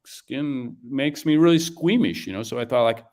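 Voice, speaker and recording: A man being interviewed as an author and publisher, talking casually and haltingly with many restarts. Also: mid-range voice, animated, a little mellow. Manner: halting, full of restarts and fillers.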